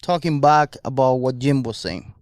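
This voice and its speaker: A man in casual podcast chat speaking earnestly and clearing his throat between thoughts. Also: medium pitch, lively intonation, normal speed, no echo, studio quality.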